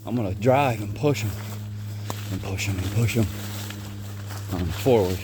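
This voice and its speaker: A man with a lowish voice talks at normal speed while walking the woods to train bird dogs, explaining for the camera, calling loudly, and praising the dogs. Birds and outdoor sounds come through the noisy field recording.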